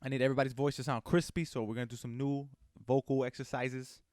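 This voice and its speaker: A man hosting a casual podcast, joking and playful, talking in bursts. His voice is mid-pitched, and the sound is close and dry with almost no room. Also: little pitch movement, quick pace, darkish tone, no echo. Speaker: podcast host. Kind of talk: casual chat.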